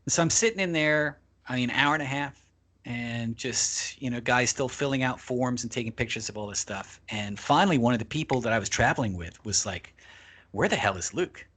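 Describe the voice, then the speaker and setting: A man's voice: medium pitch, expressive, fairly quick, a bit bright. A man, a podcast guest, telling a long travel anecdote in casual, profanity-laced talk. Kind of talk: casual storytelling.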